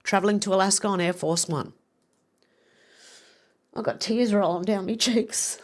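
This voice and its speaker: A woman's voice: medium pitch, normal speed. A woman hosting a livestream, reading posts aloud and adding blunt, profane remarks. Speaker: livestream host. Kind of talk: casual livestream news commentary.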